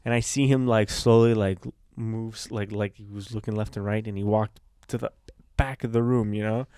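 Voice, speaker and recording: A man from Canada co-hosting a comedy podcast, telling stories in an animated way and laughing easily. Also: on the low side, moderate pace, smooth, no echo, studio quality. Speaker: podcast co-host. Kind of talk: casual comedy podcast chat.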